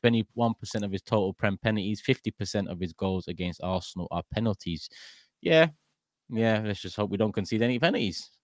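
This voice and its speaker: A man's voice: fairly low pitch, fairly quick, dry recording, clean studio sound. A man with a London accent hosting a casual football chat show, reading fan messages and laughing often. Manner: laughs often, upbeat sign-off patter. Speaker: host.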